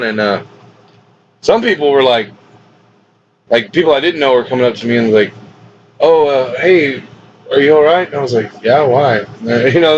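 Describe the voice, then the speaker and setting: A man who hosts a podcast and wrestles professionally, telling a story casually, laughing often and swearing freely. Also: medium pitch. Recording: dull lo-fi recording with faint hiss.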